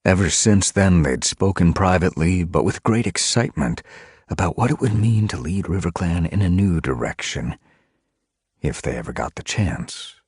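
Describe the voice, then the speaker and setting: A man reading an audiobook aloud with expressive storytelling. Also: low voice, moderate pace, slightly rough, no room sound, clean studio sound. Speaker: audiobook reader. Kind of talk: audiobook narration.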